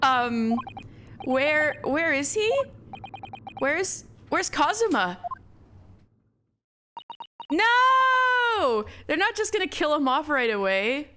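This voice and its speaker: A woman's voice: sits high, big pitch swings, drawn-out words, long pauses, sharp tone, slight background noise. A young woman streaming a game, giggling and reading lines aloud. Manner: giggly, reads characters aloud with put-on voices. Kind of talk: let's play, reading dialogue aloud. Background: game music.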